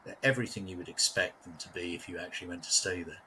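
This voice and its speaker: There's slight background noise as a low-pitched man talks at a quick pace in a bright, forceful tone. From West London in England, he's a chatty local guest telling stories in casual conversation and laughing often.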